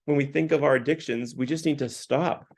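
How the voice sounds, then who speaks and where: A man's voice: medium pitch, steady tone, a little fast, vocal fry, a little mellow. A man giving an earnest, casual parish talk with many "like" fillers. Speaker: parish speaker. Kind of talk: sermon talk.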